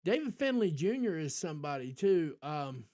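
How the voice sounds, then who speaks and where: A man's voice: fairly high pitch, sing-song, normal speed, darkish tone. Rambling American man on a livestream. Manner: rambling, talks back to chat, frequent ums. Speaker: podcast host. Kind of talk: casual livestream chat.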